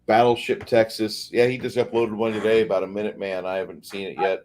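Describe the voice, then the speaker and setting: A man as a guest in a casual chat, relaxed and swearing now and then. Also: on the low side, fast talker. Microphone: video call.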